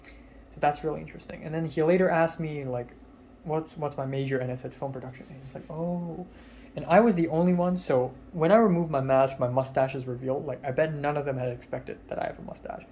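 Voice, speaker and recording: A man's voice: on the high side, fairly quick, a little mellow, a little hiss or hum. A nineteen-year-old man, a film student, casually retelling a social outing in a rambling way, full of fillers and quoted dialogue. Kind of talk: casual vlog storytelling.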